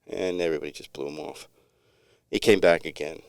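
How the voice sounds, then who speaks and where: A man's voice: very deep voice, steady tone, fairly quick, vocal fry, smooth, no room sound, clean studio sound. A middle-aged man co-hosting a podcast, telling a long story in a rambling, laid-back way with many restarts. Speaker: podcast co-host. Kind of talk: casual storytelling chat.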